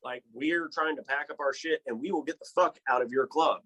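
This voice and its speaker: A man with a drawl recounts a chaotic gig in casual conversation. He swears freely and bursts into the voices of people he quotes, keeping the telling animated and loose. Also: a little high, brisk. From Georgia, US. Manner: profane, animated storyteller acting out quotes. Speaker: touring band musician, guest. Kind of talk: casual storytelling chat.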